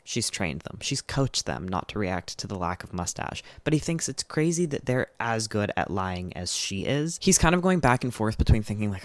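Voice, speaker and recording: A man's voice: fairly low pitch, big pitch swings, moderate pace, few pauses, no room sound. Guy rambling casually through book plots, dry close sound, says like a lot. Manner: chatty, filler-heavy retelling with frequent "like"; candid, with occasional swearing. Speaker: book reviewer. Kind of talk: casual book summary monologue.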